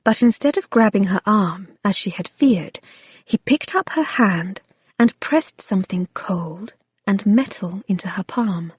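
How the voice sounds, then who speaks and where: A woman reading a romance novel aloud as an audiobook narrator, in a measured, soft-spoken way. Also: mid-range voice, animated, breathy edge, no room sound.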